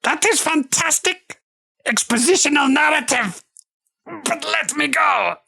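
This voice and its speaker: A game master voicing a small, frantic male goblin who shrieks and shouts in a tabletop game. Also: measured pace, creaky, heavily acted. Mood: pleading. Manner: shrill, shouting. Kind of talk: tabletop role-play voice.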